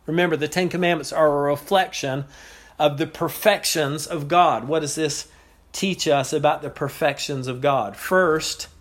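A man preaching an expository sermon, teaching in a measured way with pauses and repeated phrases. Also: on the high side.

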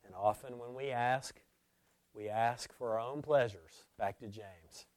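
A man preaching a sermon, moving from loud emphatic declarations to hushed, near-whispered lines. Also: medium pitch, slow pace, long pauses, no echo.

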